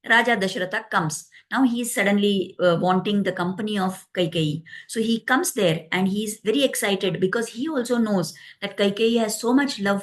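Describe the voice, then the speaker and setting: A woman retelling a devotional epic in an explanatory way, with pauses and fillers. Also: mid-range voice. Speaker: storyteller.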